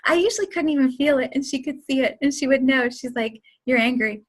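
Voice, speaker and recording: A woman's voice: high voice, fast talker. A woman in her forties hosting a casual spiritual talk, chatty and laughing often as she tells stories. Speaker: host.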